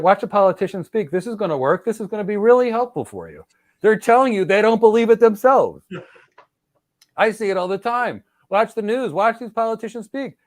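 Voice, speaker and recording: A man's voice: a little high, darkish tone, no echo. A middle-aged man hosting a podcast, giving career advice in an emphatic, lecturing way and often addressing listeners directly. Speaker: podcast host and cloud architecture mentor. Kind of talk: energetic advice talk.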